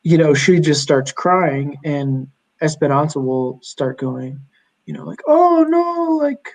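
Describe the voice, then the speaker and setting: A young man, a podcast guest, chatting casually and telling animated stories with lots of fillers. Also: medium pitch, a little slow, poor audio. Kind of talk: casual chat.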